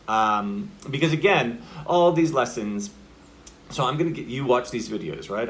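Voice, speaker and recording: Guy coaching actors on camera, chatty and loose, lots of like and you know, acts out example lines, mid-pitched voice. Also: slight background noise. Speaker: acting coach. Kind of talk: casual video lesson.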